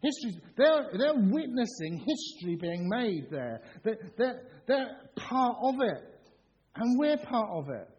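A middle-aged man preaching a sermon in a church, animated and jokey, acting out excited shouts. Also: very high-pitched, measured pace. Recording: dull sound with long hall reverb.

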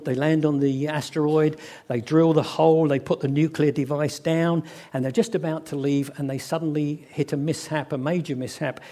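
Male preacher, mellow tone, lively storyteller voicing characters. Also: on the high side. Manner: storytelling, acts out quoted voices, slows for emphasis. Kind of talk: sermon.

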